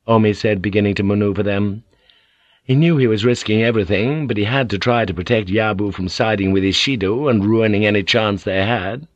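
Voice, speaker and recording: Steady male audiobook narrator. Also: lowish voice, fairly quick, dry recording. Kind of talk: scripted narration.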